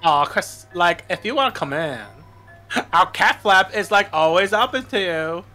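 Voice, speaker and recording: A man's voice: high-pitched, expressive, normal speed, bright, forceful tone, faint music behind. A man voicing a catty, gossipy valley-girl young woman in a game, full of "like". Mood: gushing. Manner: bubbly, lots of "like".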